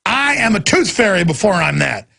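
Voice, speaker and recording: A man's voice: high-pitched, big pitch swings, moderate pace, pushed and bright. A male radio talk show host delivering a heated, sarcastic political rant. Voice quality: gravelly, raspy.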